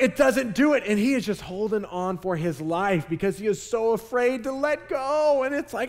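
Youth pastor guy in his 30s, lively storytelling sermon, kinda high voice. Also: a little fast. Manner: animated storytelling, acts out his kids' voices.

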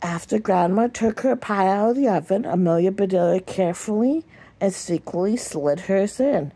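A woman reading a children's picture book aloud in a gentle storytelling voice, with small slips and restarts. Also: medium pitch, expressive, moderate pace, breathy edge. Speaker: storybook reader.

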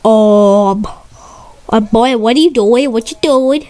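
A woman giving excitable, stuttery gameplay commentary, repeating her exclamations and swapping curses for mild words. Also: fairly high pitch, takes it slowly. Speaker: gamer.

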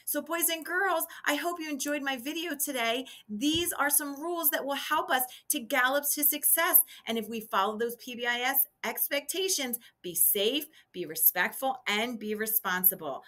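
A woman teacher speaking slowly and clearly to young children in an instructional video, with a sing-song classroom manner. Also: a little high, lively intonation, bright, forceful tone. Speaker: kindergarten teacher.

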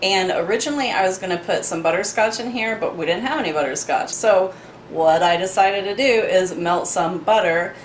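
A woman's voice: medium pitch, normal speed, roomy sound, slight background noise. A woman making cocktails in her home kitchen, chatty and playful with little asides. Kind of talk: casual kitchen demo chat.

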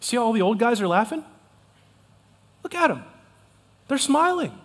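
Man, pastor, sermon, high voice, emphatic folksy delivery, church hall reverb. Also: moderate pace. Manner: emphatic, folksy, animated preaching with repetition. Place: church sanctuary.

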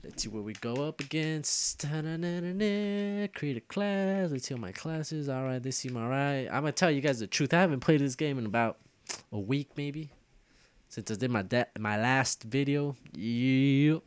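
A young man gives loose, casual commentary over his own gameplay, joking and grumbling as he goes. He trash-talks opponents in a relaxed, chatty way at a middle pitch. It sounds like a home gaming video with an ordinary everyday voice. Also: normal speed, a little hiss or hum. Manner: joking, grumbling and trash-talking at other players.

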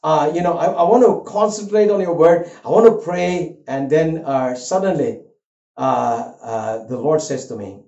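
An older man preaching a sermon, an earnest and animated storyteller who weaves a personal story into his message. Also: a little high, measured pace. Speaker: pastor. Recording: roomy, dull lo-fi sound.

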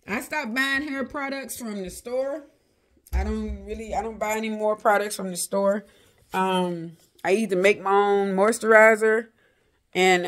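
A middle-aged woman, chatting casually and rambling to her viewers about a hair product, full of "y'all" and blessings. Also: mid-range voice. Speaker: vlogger.

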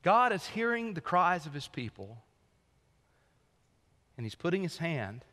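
A male senior pastor preaching a sermon, swinging from loud, lifted lines down to quiet, low emphasis. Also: big pitch swings, a little slow, pauses often. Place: church sanctuary. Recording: long church hall reverb.

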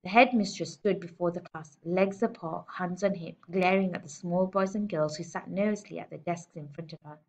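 A woman teacher reading a storybook aloud to children in a lively, expressive way. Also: lowish voice, normal speed, few pauses. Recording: dull lo-fi recording.

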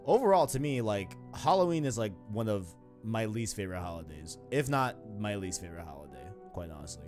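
A young man in his twenties hosts a gaming podcast in easy, rambling chat, dropping slang as he goes. His voice sits low, with a faint New York accent. Soft music plays faintly underneath. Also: sing-song, a little fast. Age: 20s. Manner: laid-back, slangy, rambling. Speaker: podcast host.

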